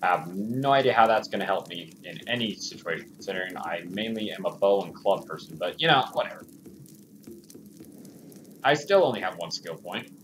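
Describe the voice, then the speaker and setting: A man hosting a gaming channel, giving excitable, jokey let's-play commentary straight to his viewers. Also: sits low, brisk, a little hiss or hum.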